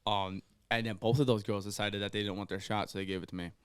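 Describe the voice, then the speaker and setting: A young man telling rowdy stories in a casual podcast chat, doing loud mocking voices when he quotes people. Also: on the low side, fairly even intonation, fast talker, smooth, dry recording. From Ohio. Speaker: podcast guest.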